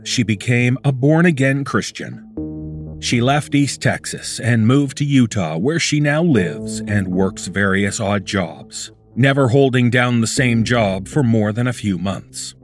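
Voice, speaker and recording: A man narrating a horror story in a measured, documentary-like scripted voice. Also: mid-range voice.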